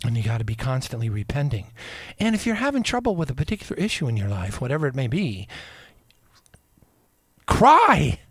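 A man's voice: medium pitch, sing-song, quick pace, darkish tone, breathy edge, dry recording, studio quality. A man hosting a radio show, delivering a rambling, emphatic, preaching monologue full of repetition.

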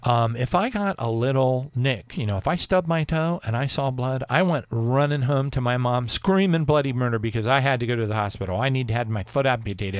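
A man from Pennsylvania giving an informal Bible teaching, animated and full of stumbling restarts. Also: mid-range voice, a little fast, hardly any pauses, no room sound.

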